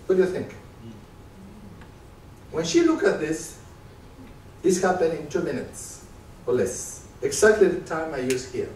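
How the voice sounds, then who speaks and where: A man on stage at a conference, presenting with a slightly high voice and drawing the audience in with questions. He is picked up from a distance, so the room rings around him with a faint noise underneath. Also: expressive, normal speed, long pauses, reverberant. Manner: engaged, quizzes the audience with questions. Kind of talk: live stage talk with demonstration.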